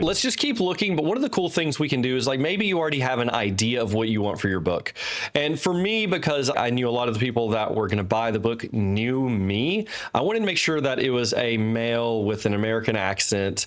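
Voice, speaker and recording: A man, an author and host, walking through a website in loose, unscripted talk at his desk. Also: mid-range voice. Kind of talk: casual screen-share walkthrough. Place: desk with teleprompter.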